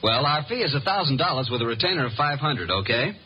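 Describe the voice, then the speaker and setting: A brash young assistant detective, as a man plays him talks in a breezy way, and his pitch swings all over. It is heard through the hiss of a lo-fi old radio broadcast. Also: big pitch swings, quick pace, lightly acted. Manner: breezy, talkative. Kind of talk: 1940s radio acting.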